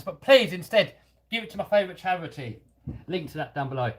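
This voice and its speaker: Brisk and expressive, this fairly high male voice belongs to the English host of a hobby live stream. He responds to viewer comments with easygoing self-deprecation, his London-area accent carrying a light Cockney touch.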